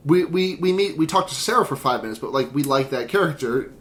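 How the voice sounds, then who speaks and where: A young woman co-hosting a podcast, talking casually about a movie with a sore jaw, halting and repeating words with many fillers. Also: deep voice, animated, a bit bright, a little hiss or hum. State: sore jaw after dental surgery. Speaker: podcast co-host.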